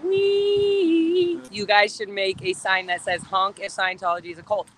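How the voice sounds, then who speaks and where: A woman's voice: medium pitch, flat delivery, fairly quick, sharp tone, poor audio. A woman live-streaming outdoors on a phone, chatty and playful, giggling often. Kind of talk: casual live-stream chat. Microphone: phone on a selfie stick.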